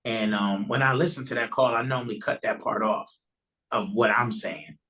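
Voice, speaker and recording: A man's voice: on the low side, steady tone, moderate pace, pushed and bright, low-quality recording. A man guesting on a podcast, earnestly telling a personal testimony in a loose, conversational way and often restarting his sentences.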